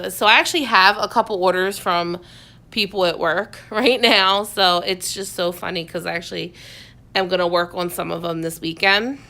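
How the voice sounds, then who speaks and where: A woman's voice: fairly low pitch, gravelly, pushed and bright. A woman talking casually to her phone camera from her couch at home, rambling with lots of fillers and restarts. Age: adult, has a son. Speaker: vlogger. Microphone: phone on a selfie stick, close.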